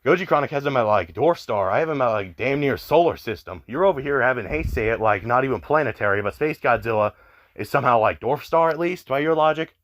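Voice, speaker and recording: A young male YouTuber goes off in a frustrated commentary rant, cursing often and saying "like" over and over. His mid-range voice is fairly bright, with lively intonation and a quick pace.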